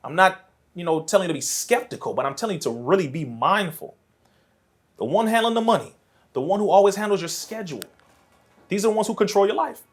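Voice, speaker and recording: A man sits in a podcast studio as a guest, preaching his point with real fire. His voice sits a little on the high side, and it climbs toward near shouts as he presses on. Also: expressive, quick pace. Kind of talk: impassioned podcast talk.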